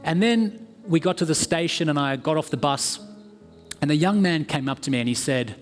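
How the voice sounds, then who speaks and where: A man's voice: a little high, expressive, moderate pace, faint music behind. A man with an Australian accent giving a sermon as a guest preacher, telling stories in an earnest, conversational way with fillers. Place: church hall. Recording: church hall with long reverb.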